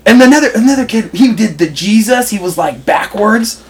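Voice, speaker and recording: A young man from the United States rambles through a story in casual chat, packing in fillers and laughing along the way. His voice sits high with lively intonation, fairly quick, and there's slight background noise.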